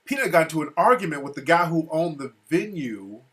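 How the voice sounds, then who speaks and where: A man's voice: on the high side, big pitch swings, a little fast, fairly bright tone. An American man telling a story casually, full of profanity, restarts and asides. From United States. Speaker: speaker recounting a trip.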